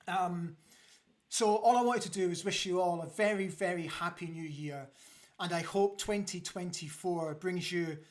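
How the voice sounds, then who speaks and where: A man with a Scottish accent hosting a football fan review show, talking earnestly to his viewers and often pausing on fillers. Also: a little high. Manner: earnest, halting with frequent fillers.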